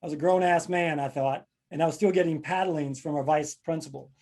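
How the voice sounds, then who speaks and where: A man's voice: fairly high pitch, fairly even intonation, a little fast, a little mellow. A man from Kentucky hosting a casual comedic chat, playful and jokey, acting out quotes. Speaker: podcast host.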